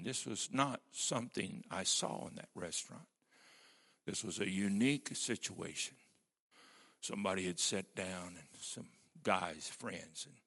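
A man's voice: low-pitched, sharp tone. A man preaching a sermon as pastor, telling stories with strong emphasis.

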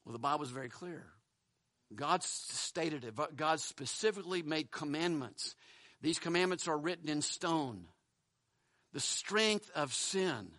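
A man's voice: a little high, normal speed, a bit bright, no echo. Male pastor, earnest sermon delivery, repeats words, close and dry sound. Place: church building.

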